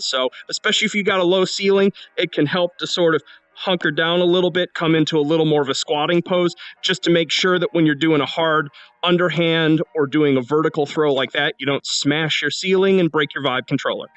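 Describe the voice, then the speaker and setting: A man's voice: fairly high pitch, steady tone, a little fast, fairly bright tone, no room sound, lo-fi sound, faint music behind. A man, a game developer, talking through his game's new features in a casual devlog walkthrough while playing, often restarting his sentences. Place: indoor room at home.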